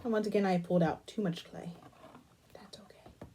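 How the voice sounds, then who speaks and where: This young adult crafting host talks fast in a steady, dark-toned, mid-range voice, with a little hiss or hum in the audio. While working with clay, she rambles through a long childhood story and makes asides about her work.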